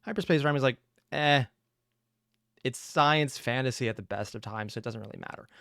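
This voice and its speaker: A man's voice: mid-range voice, fairly quick, creaky, a bit bright, dry recording, clean studio sound. A man giving casual reaction commentary, rambling and opinionated with self-deprecating asides. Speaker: reaction streamer.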